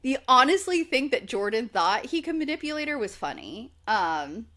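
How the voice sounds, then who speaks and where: Animated chatty woman recapping TV. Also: fairly high pitch, moderate pace. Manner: chatty, acts out quotes in lively voices. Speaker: podcast co-host. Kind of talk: casual chat recapping reality TV.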